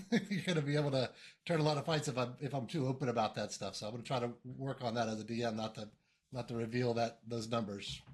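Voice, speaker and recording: Mestre de rpg falando devagar e tropeçando nas palavras, tom de voz mediano. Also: male voice, mid-range voice. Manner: halting, many fillers and restarts, chuckles often. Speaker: game master. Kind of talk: narrating a tabletop game.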